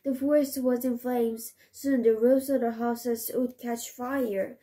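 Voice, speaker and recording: A woman whose first language is Korean reads a picture book aloud to her child. Her voice is slightly high, soft and mellow, and she reads slowly, with small slips and restarts. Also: fairly even intonation. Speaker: parent reading to a child. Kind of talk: storybook read-aloud.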